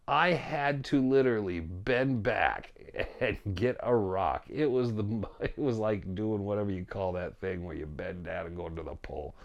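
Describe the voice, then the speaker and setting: A man casually telling a story about a hike, animated, often quoting himself and his friend and laughing as he goes. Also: fairly low pitch, normal speed, creaky, hardly any pauses. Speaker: storyteller guest.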